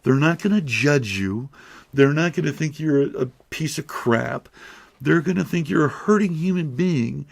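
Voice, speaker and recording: A man's voice: on the high side, lively intonation, moderate pace, creaky. A middle-aged man speaking earnestly and emotionally to camera, rambling and restarting as he goes. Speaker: YouTuber. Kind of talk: heartfelt direct-to-camera talk.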